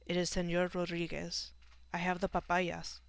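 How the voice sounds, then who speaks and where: A woman voicing a kindly middle-aged male neighbor who speaks gently and is shaken by news. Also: fairly low pitch, completely flat delivery, moderate pace, vocal fry. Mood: polite.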